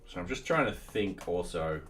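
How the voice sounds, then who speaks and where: Guy with a lowish voice coding at home, thinks out loud, lots of restarts, chats to his cat, quiet music in the background. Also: lively intonation. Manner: halting, thinks aloud with many restarts. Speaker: software developer streaming his coding. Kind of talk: casual think-aloud coding commentary. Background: faint music and keyboard typing.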